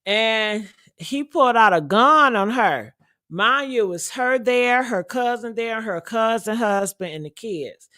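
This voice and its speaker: A woman's voice: on the high side, animated, a little slow, sharp tone. A woman hosting a celebrity gossip show, ranting bluntly and heatedly with lots of profanity. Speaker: commentary podcast host. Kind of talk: casual celebrity gossip commentary.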